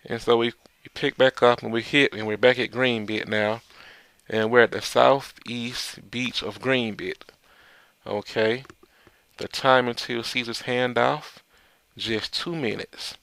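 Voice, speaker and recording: A man's voice: medium pitch, fairly even intonation, a little slow, creaky, a bit bright, no room sound. A man casually reading manga dialogue aloud and commenting, often repeating words as he goes. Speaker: manga reader and reviewer. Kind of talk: casual read-through and commentary.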